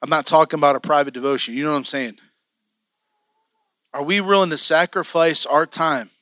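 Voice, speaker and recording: A man preaching with fervent, story-driven passion, his voice somewhat high and strikingly bright. The sound is close and dry, with no room around it. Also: a little fast, no room sound. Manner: passionate, storytelling, often acting out his own excitement. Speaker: church elder preaching. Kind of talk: sermon.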